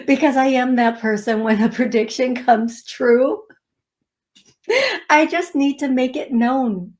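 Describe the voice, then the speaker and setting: Brief: woman radio host, higher-pitched voice, unhurried, chatty and giggly. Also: darkish tone. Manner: chatty, laughing storyteller. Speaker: psychic medium radio host. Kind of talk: casual chat. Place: radio studio.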